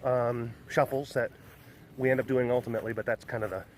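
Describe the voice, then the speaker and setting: A man's voice: mid-range voice, level tone, a little fast, darkish tone, a little hiss or hum. A young man chatting upbeat and rambling as he walks around an outdoor big cat compound. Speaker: animal sanctuary vlogger. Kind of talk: casual walking vlog.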